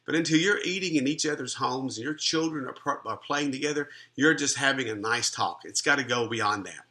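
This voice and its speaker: Middle-aged male minister, bright forward tone, earnest conversational testimony with restarts. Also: mid-range voice, brisk. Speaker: Christian minister and life coach. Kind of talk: personal testimony storytelling.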